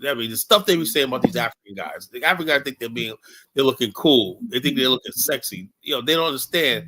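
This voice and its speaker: Emphatic male livestream host, bright tone. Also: medium pitch, animated, fast, rough recording. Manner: emphatic, blunt, profane, tells anecdotes with quoted dialogue. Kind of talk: casual opinionated talk show. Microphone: online stream mic.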